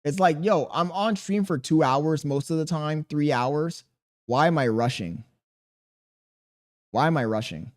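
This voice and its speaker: Laid-back man streaming, slow easy talk. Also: on the high side. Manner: laid-back, deliberately slow storytelling, swearing, reading chat aloud. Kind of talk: casual stream chat.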